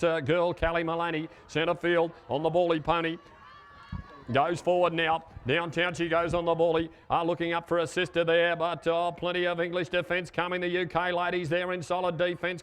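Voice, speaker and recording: Male sports commentator, live play-by-play; clean resonant tone, even pitch. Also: clean tone. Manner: rapid calls with fillers, rising to shouts at goals.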